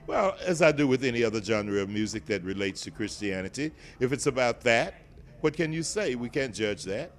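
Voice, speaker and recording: A man's voice: mid-range voice, expressive, brisk. An older man from Nashville with a Southern accent, a guest chatting playfully and teasing in an interview at an event. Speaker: guest, TV show host. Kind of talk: casual interview chat. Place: event venue, indoors.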